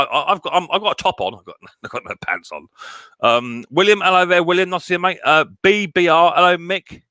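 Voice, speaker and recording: A man hosts a casual live stream, reading chat messages aloud and greeting each viewer like an old mate. His voice is bright and forward. The sound is dry and close to the mic. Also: a little high, no room sound. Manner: chummy banter, greets viewers by name.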